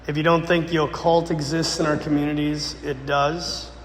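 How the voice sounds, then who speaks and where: A man, a Catholic priest, telling a dramatic story in a sermon, swinging between loud bursts and hushed lines. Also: a little high, level tone, moderate pace, a little hiss or hum. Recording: echoey church with long reverb.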